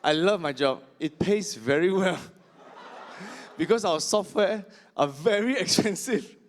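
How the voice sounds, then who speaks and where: A male stand-up comedian, punching through his set. His voice sits fairly high and swings widely in pitch as he exaggerates each joke. The delivery is loud and theatrical. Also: lively intonation, slow.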